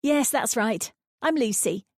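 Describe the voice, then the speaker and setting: A woman's voice: fairly high pitch, expressive, measured pace, no room sound, clean studio sound, pitched above the performer's own voice. A woman voicing a polite, slightly hesitant young woman who has just arrived somewhere new. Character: young woman, polite newcomer, a little awkward.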